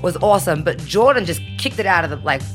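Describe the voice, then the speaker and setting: A woman's voice: on the low side, expressive, fast talker. Woman, thirties, from Australia, chatty, laughs easily, interview guest, faint music. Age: 30s. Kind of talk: casual interview chat.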